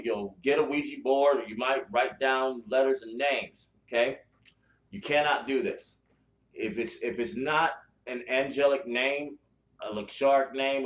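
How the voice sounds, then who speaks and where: A man hosting a spiritual podcast, talking bluntly and profanely in a casual chat style, with lots of restarts. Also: medium pitch. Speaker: podcast host. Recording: echoey room.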